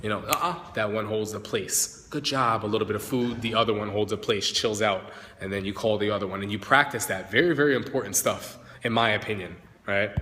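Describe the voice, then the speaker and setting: A man explains dog training to live viewers in a loose, chatty way, checking in with "right?" and "like" as he works the dogs. His voice comes across bright and forward. It bounces around a large hard-walled room with a long, ringing reverb. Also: fairly low pitch, fairly even intonation, fairly quick, slight background noise. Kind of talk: casual live-stream explanation.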